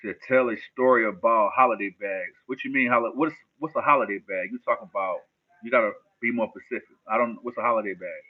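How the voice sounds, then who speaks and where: A man's voice: medium pitch, quick pace. A man from New Jersey casually chatting with viewers on a livestream in loose street slang, answering their questions. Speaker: livestream host. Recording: phone-like narrow band.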